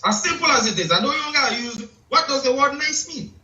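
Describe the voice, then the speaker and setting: A man in casual chat, lecturing slowly and deliberately. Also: extremely high pitch, lively intonation, bright, forceful tone. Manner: slow, lecturing, asks "you check?". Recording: echoey room, distant dull mic.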